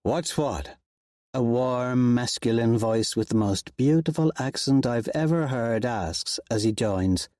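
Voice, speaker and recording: A man narrating an audiobook with an expressive, wry first-person reading. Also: medium pitch, a little slow, hardly any pauses, no echo, clean studio sound.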